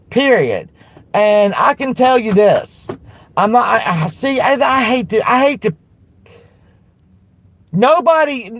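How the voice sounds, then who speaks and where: A woman hosting a livestream, ranting bluntly with lots of swearing and restarts while answering her chat, then turning soft to apologize. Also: mid-range voice, no room sound. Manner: blunt and profane, with frequent restarts; fired-up and defiant, turning soft when apologizing. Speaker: livestream host.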